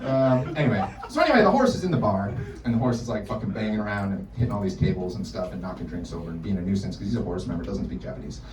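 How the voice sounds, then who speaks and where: A young American man doing stand-up in a bar, with profane, animated storytelling. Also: fairly low pitch, racing, background noise. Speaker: stand-up comedian. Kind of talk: stand-up set. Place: bar in front of a live audience. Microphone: distant room recording. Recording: echoey bar, distant mic, loud ambience.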